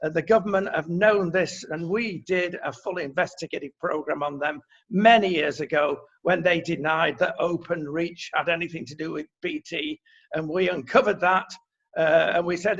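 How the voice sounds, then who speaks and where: A man's voice: fairly high pitch, normal speed, gravelly, fairly bright tone. A man with a Manchester accent co-hosting an opinion chat, blunt and indignant, with many fillers. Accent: Mancunian. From England. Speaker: co-host. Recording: dull lo-fi sound.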